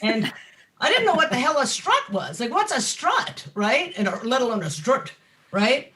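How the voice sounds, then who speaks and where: A woman guest on a talk show chatting casually about her bikes, animated and swearing freely, laughing often. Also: fairly high pitch, moderate pace. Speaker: guest, map company founder. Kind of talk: casual chat.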